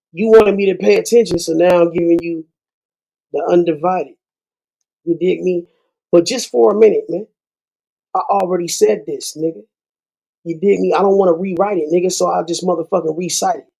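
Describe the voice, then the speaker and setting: Man, channel host, fired-up profane rant with rhymes; gravelly, husky, high for a man. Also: warm tone, poor audio. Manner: heated, profane, rhyming asides. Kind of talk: ranting monologue to viewers.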